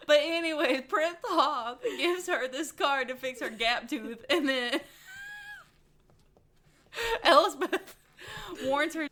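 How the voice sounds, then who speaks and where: A woman's voice: high-pitched, takes it slowly, bright, forceful tone. A young woman co-hosting a book podcast in casual chat, joking at her own expense and laughing. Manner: joking, self-mocking, laughing. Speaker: podcast co-host.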